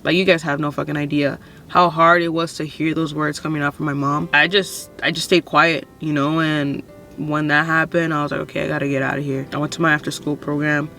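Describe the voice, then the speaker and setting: A woman's voice: deep voice, level tone, a little fast, pushed and bright, soft background music. A woman in her twenties telling her own story to camera in a casual, frank way, swearing often and filling with "like" and "you know". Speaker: vlogger.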